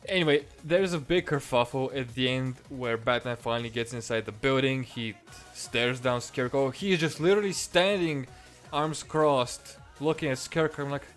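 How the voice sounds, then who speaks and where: Annoyed guy ranting about this week's comics, swears a lot, sarcastic, mid-pitched voice. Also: normal speed, faint music behind. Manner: profane, exasperated, sarcastic. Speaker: comics reviewer. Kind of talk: solo review rant.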